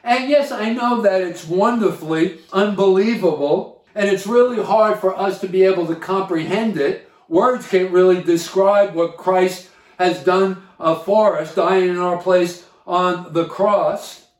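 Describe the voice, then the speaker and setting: A man with a fairly high voice preaches a sermon at an unhurried, measured pace. He leans on key words and pauses between phrases like a pastor at the pulpit. His voice carries a noticeable roomy echo. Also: a little mellow. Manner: slow, deliberate preaching with emphatic pauses.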